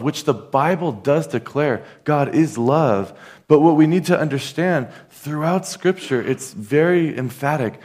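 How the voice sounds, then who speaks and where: A man's voice: on the high side, lively intonation, moderate pace, a little mellow. A man preaching a sermon in an earnest, conversational way, talking straight to his listeners.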